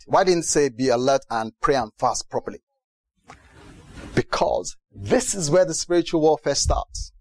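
A man from Britain preaching a sermon in a lively way, often asking the audience if they understand. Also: a little high, dry recording. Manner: lively, mimics other preachers, asks the audience questions.

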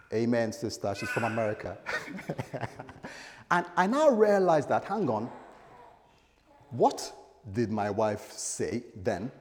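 A middle-aged man preaching a sermon, telling a story dramatically with humorous asides to the congregation. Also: medium pitch. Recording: echoey hall.

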